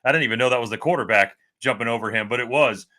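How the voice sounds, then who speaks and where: A man with a bright, forceful voice talking football as a co-host. He's candid and excitable. He sounds like he's in his thirties. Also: medium pitch, rapid-fire. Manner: excitable, candid fan talk. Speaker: podcast co-host. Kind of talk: casual sports talk.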